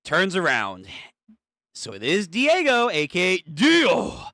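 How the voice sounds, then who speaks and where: Excitable, swearing streamer with a lively voice. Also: medium pitch, takes it slowly, no room sound, studio quality. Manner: excitable, swears a lot, stammers and repeats words. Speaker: streamer reading a manga aloud. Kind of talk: live reaction stream.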